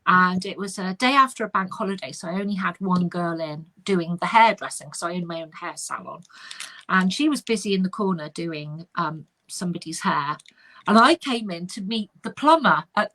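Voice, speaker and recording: Woman, middle-aged, medium; chatty storyteller, bright tone, mid pitch. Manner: animated anecdotal, chatty with fillers. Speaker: spiritual medium. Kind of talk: casual storytelling chat.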